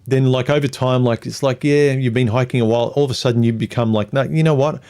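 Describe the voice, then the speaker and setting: A man with a dark, mellow voice hosts a casual livestream. He reads viewer comments aloud and rambles through his answers, now and then mocking other people in put-on voices. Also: medium pitch, flat delivery, fast talker, smooth.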